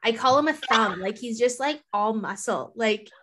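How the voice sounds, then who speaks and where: A woman's voice: fairly high pitch, expressive, moderate pace, background noise. A woman co-hosting a podcast, chatting casually and rambling with lots of "like". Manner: rambling, heavy use of "like". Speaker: podcast co-host. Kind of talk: casual chat.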